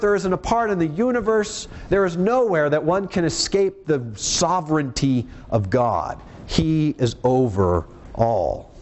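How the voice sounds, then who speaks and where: Earnest male preacher, slowing for emphasis. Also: a little high, darkish tone, slight background noise. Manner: earnest, emphatic, slows down on key words. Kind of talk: sermon.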